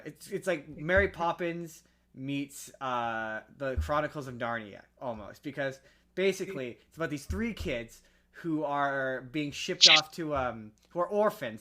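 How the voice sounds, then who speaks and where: A man's voice: fairly high pitch, animated, unhurried, pushed and bright. A man co-hosting a podcast, chatting casually about movies with jokey asides. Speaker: podcast co-host. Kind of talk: casual chat.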